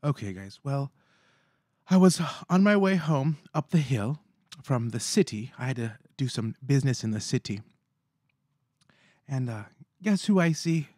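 A man's voice: medium pitch, expressive, a little slow, pauses often, darkish tone, no room sound. Playful rambling man, dry close sound. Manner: playful, theatrical storytelling with quoted voices; chatty, rambling, self-mocking. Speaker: food vlogger. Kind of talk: casual chat to camera.

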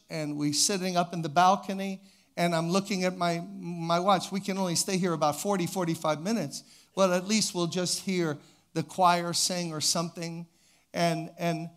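Older pastor guy preaching, kinda high voice, tells a story all animated then goes quiet to pray. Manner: animated storyteller, builds to loud excitement then drops to quiet prayer. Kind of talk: sermon with storytelling. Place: church.

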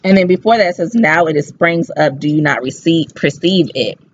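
A woman giving a casual devotional talk as a faith vlogger. She talks in an excited, fast and lively way. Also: low-pitched. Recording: slightly dull with faint hiss.

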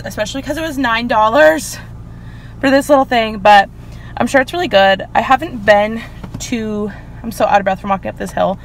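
A woman's voice: a little high, fairly bright tone, slight background noise. A young woman chatting casually in a self-deprecating, rambling way while filming a vlog on her phone in a car and at home. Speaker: vlogger.

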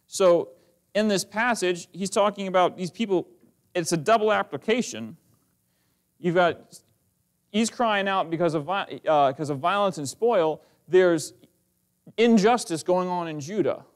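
A man's voice: high voice, measured pace, clear, resonant tone. A male pastor preaching a fervent sermon, reading old scripture verses aloud between his comments. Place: church sanctuary.

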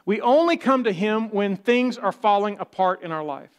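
A pastor delivers his sermon in a high, light voice for a man. He preaches in a conversational way and slips into the voices of doubters to make his point. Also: expressive, moderate pace. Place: church.

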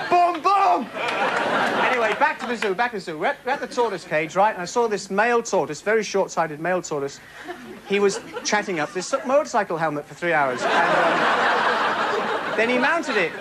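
Stand-up man with a high voice, rambling jokes over a loud, noisy live crowd. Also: sing-song, normal speed. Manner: rambling, self-interrupting joke telling. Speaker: stand-up comedian. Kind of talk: stand-up routine. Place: comedy club stage with a live audience. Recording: noisy live club recording.

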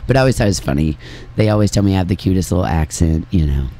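A man's voice: deep voice, lively intonation, very fast, warm tone. Blunt man with slight Kentucky country accent. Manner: blunt, chatty, laughs often. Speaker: radio interview host and musician. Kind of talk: casual interview chat.

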